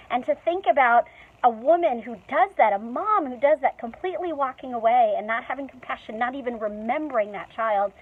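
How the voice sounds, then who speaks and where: A woman pastor preaching a conversational sermon in a church, chatty and humorous, with playful asides. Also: a little high. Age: young adult to middle-aged mother. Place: church sanctuary. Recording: tinny phone-like sound.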